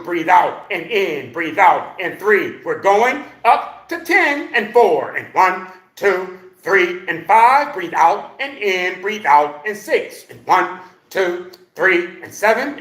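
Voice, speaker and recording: A man leading a live exercise class for seniors, counting reps loudly, joking and coaxing the class along. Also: high voice. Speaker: senior fitness instructor. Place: exercise room. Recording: echoey room.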